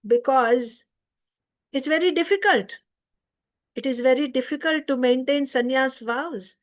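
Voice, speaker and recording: A woman's voice: high voice, a little slow, pauses often. A woman teaching an informal scripture class, retelling a story conversationally and stopping to explain.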